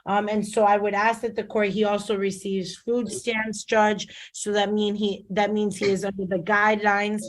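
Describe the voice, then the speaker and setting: A woman's voice: medium pitch, little pitch movement, normal speed, few pauses. A woman defense attorney makes her case over a video call. She speaks formally, leaning on fillers and respectful address to the bench. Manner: formal, repeats "Your Honor", fillers. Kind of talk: courtroom argument on video call.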